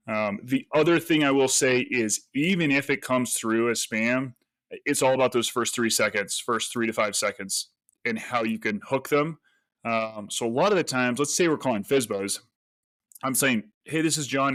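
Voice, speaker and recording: A man, a real estate agent, telling stories as a podcast guest in a lively, casual way and acting out the lines he quotes. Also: medium pitch, no echo. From United States. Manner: animated storyteller, acts out quoted voices. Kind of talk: casual interview talk.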